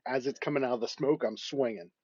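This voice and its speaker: A man's voice: mid-range voice, fast, darkish tone, husky, dry recording. A man playing a tabletop game, blunt and joking. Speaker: player. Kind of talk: casual tabletop play. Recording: dull, dry sound.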